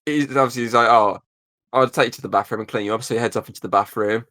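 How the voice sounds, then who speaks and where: A man's voice: mid-range voice, fairly even intonation, rapid-fire, bright, forceful tone, no echo, clean studio sound. A young man hosting a podcast, casually recapping a film scene by scene and acting out the quoted lines between laughs. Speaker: podcast host. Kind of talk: casual film breakdown chat.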